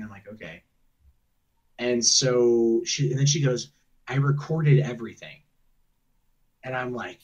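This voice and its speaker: A man's voice: mid-range voice, steady tone, husky. Guy telling a story on a call, swears a lot, sounds far off and dull. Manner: rambling, profane, quick to mimic others. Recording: muffled distant secretly recorded call.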